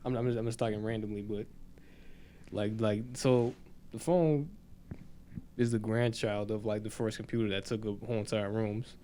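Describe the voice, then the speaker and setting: A man's voice: on the low side, steady tone, normal speed, warm tone, a little hiss or hum. A young man from the United States co-hosting a casual podcast, rambling and repeating himself with lots of "like". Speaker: podcast co-host. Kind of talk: casual stoner chat.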